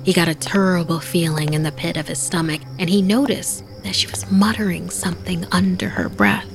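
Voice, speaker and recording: A woman hosting a podcast, narrating a spooky tale in a scripted, hushed manner that often drops to a whisper. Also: on the low side, animated, a little fast. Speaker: podcast host and storyteller. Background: music bed.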